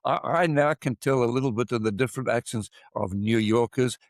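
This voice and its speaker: An older man with a South African accent, an expert witness talking in a measured, emphatic way and repeating points for stress. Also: mid-range voice, dry recording. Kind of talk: casual interview talk.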